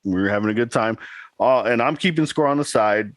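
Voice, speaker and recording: A man in his thirties co-hosts a podcast, chatting casually and telling a rambling story with laughs. His mid-range voice moves fairly quickly, with no room sound on the recording.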